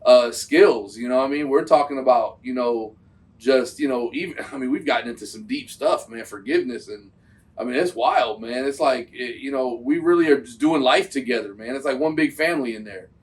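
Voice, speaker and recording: A man's voice: mid-range voice, a little fast, distant mic. Slangy man talking a bit off-mic. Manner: loose, slangy, animated talk. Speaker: host reacting to a trade video. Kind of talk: casual reaction commentary.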